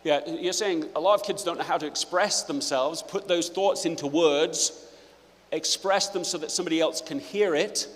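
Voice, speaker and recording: A man giving a live presentation to an audience, playful and energetic, often restarting his phrases. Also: a little high, normal speed. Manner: energetic, self-interrupting, playful. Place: auditorium with audience. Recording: hall reverb.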